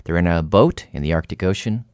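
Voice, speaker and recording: A man hosting a radio show, narrating and asking curious, animated questions. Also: low-pitched, a little fast, smooth, no echo, clean studio sound.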